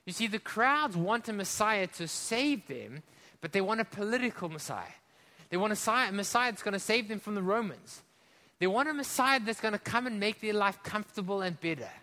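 A male preacher from Africa delivering a sermon, impassioned, swinging between loud emphasis and hushed drops and asking the congregation questions. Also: sits high, lively intonation, brisk, long reverb tail.

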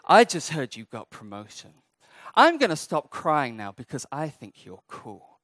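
A man voicing a precocious baby boy who talks like a cool grown-up, in a lower, deadpan voice. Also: measured pace, no echo, full character voice. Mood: smug.

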